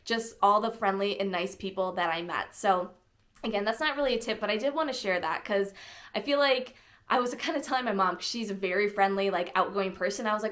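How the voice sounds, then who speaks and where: A young woman chats to camera as a travel vlogger, bubbly and easygoing. She fills her sentences with "like" and talks at a middle pitch. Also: brisk, fairly bright tone. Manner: chatty, bubbly, many "like" fillers. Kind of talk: casual chat to camera.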